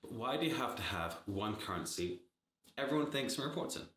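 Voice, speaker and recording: A man's voice: mid-range voice, expressive, a little fast, a bit bright, roomy sound. A man giving blunt, sarcastic startup advice in a casual talk to camera, swearing freely. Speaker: startup advisor.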